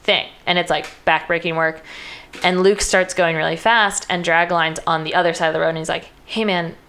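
A young woman in casual chat, retelling a film's plot in a loose, chatty way full of "like" and quick quoted voices. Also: lowish voice, steady tone, a bit bright, smooth. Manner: chatty, heavy use of "like", breaks into quoted voices.

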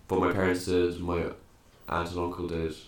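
A man's voice: low-pitched, monotone, normal speed, a little hiss or hum. A young man co-hosting a podcast, joking and laughing through casual stories. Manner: laughing, jokey storyteller. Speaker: podcast co-host. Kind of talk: casual banter. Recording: echoey room.

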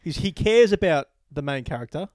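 Fast-talking, eager podcast co-host man. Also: fairly high pitch, expressive, darkish tone, no echo, studio quality. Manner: quick, eager, tells stories with quoted asides. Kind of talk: casual movie-review chat.

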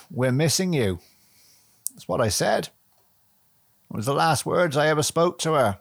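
A man rambles through a solo podcast, chatty and loose, with casual swearing and self-mocking asides. His voice sits at an ordinary middle pitch. The sound is close and dry, with no room echo. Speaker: podcast host.

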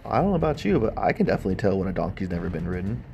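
A man's voice: low-pitched, big pitch swings, very fast, vocal fry, darkish tone, muffled recording, a little hiss or hum. A man giving sarcastic, casual commentary on a bible story, thinking aloud and asking wry questions.

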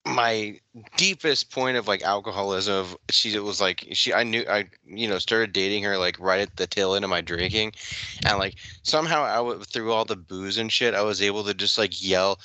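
Rambling low-voiced young man. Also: fairly even intonation, normal speed, sharp tone, dry recording, poor audio. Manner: rambling, heavy filler words, laughs often. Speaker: podcast co-host. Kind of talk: casual chat.

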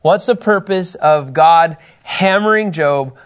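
A man teaching a Bible lesson to a group, reading scripture passages aloud and asking his listeners questions in an animated way. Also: on the high side, slow pace.

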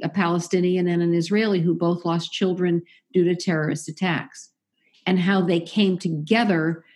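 A woman's voice: lowish voice, darkish tone. A woman talking casually as an interview guest, chatty and opinionated, often restarting and correcting herself. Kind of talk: casual conversation.

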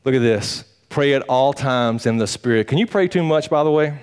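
A man, a pastor preaching a sermon in a folksy, animated storytelling manner, acting out the quotes. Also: medium pitch, moderate pace, clear, resonant tone.

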